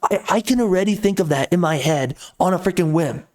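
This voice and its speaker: A man with a high-pitched, slightly mellow voice rants fairly quickly in a video commentary. He's blunt, repeats himself, and vents his frustration at length.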